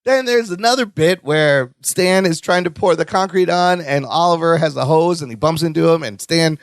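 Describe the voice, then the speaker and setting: A man's voice: normal speed, no room sound, clean studio sound. A man co-hosting a podcast, chatting casually as he recaps a sitcom episode and acts out bits of dialogue. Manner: animated, acts out lines in a high whiny voice. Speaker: podcast co-host.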